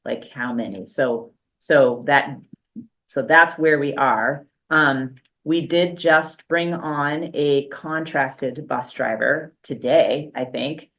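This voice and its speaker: At a board meeting, a school superintendent offers an unscripted update in a middling pitch and slow pace, his voice a bit bright. The talk is loose and conversational, full of restarts and filler, with flashes of dry, self-aware humor, and the recording sounds lo-fi.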